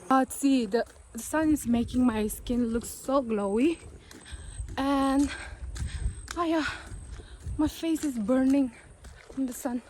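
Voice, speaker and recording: A woman's voice: sits high, slow, pauses often, darkish tone. A young woman, chatting in a casual vlog as she walks around a farm outdoors, exclamatory and thinking aloud. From Nagaland, northeast India. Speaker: vlogger.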